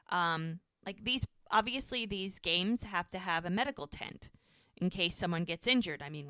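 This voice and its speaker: Female podcast co-host, chatty recapper, bright clear voice, dry close mic. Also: lowish voice, dry recording. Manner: animated, quotes characters in quick bits, chatty asides. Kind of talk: casual chat, retelling scenes.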